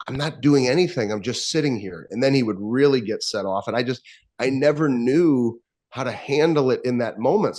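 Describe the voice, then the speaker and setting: A man speaks candidly and reflectively as he recalls a hard stretch of his youth. His voice sits at a middle pitch and stays conversational. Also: darkish tone. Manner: candid, reflective, acts out quoted lines. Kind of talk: personal storytelling in conversation.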